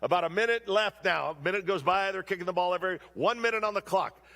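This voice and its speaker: A middle-aged man preaching a sermon in a church, telling stories with humorous asides in an animated way. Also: sits high, quick pace. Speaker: guest preacher. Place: church sanctuary.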